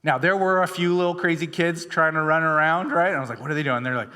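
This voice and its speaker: A man's voice: a little high, fast talker, bright, forceful tone, clean tone. A male pastor preaching a sermon in a chatty storytelling way, full of fillers and restarts, in a church. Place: church sanctuary. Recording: long hall reverb.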